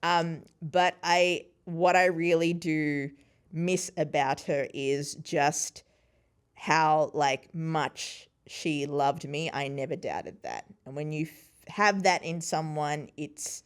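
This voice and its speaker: A woman in her thirties, a podcast guest, chatting and telling stories in an animated way, acting out what people said and laughing often. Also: low voice, slow, smooth. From Sri Lankan family. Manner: animated, acts out quoted voices, laughs often. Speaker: podcast host and interview guest. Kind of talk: casual conversational storytelling.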